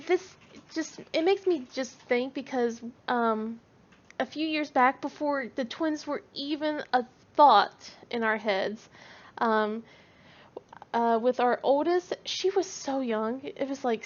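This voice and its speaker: A woman's voice: high voice, slow. A woman in her thirties telling funny family stories in a chatty, rambling way, laughing as she goes. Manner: chatty, laughs often, frequent restarts. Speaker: craft vlogger. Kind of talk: casual storytelling. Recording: dull lo-fi home recording.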